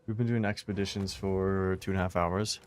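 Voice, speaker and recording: A man's voice: low-pitched, steady tone, brisk, a little hiss or hum. A man streaming a video game, thinking aloud in a laid-back way and saying his throat is parched and his voice is going. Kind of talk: casual gameplay commentary.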